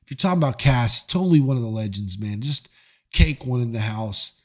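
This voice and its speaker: A man hosting a live stream, chatting casually with viewers in a joking, profane and animated way. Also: medium pitch, a little fast. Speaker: livestream host reading chat.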